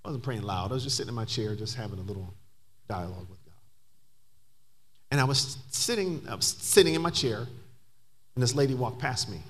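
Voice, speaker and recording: A man's voice: mid-range voice, lively intonation, brisk, long pauses, fairly bright tone, husky. A man preaching a sermon as pastor, telling a story and building to emphatic, climbing passages.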